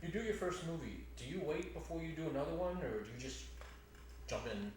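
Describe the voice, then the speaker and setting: A woman's voice: low voice, lively intonation, brisk, darkish tone. A woman interviewer asking direct, probing questions. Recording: roomy and distant from the mic.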